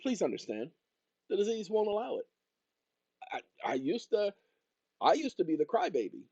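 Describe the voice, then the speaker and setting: A man's voice: high voice, very animated, moderate pace, darkish tone, husky, no room sound, highs cut off. A man hosting his own channel, talking straight to viewers in a rambling monologue with jokey asides. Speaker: channel host and consultant.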